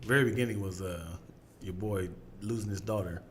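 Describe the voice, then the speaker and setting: A man's voice: fairly low pitch, brisk, slight background noise. A man co-hosting a podcast in casual chat, laid-back and slangy, pushing back with teasing remarks. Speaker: podcast co-host.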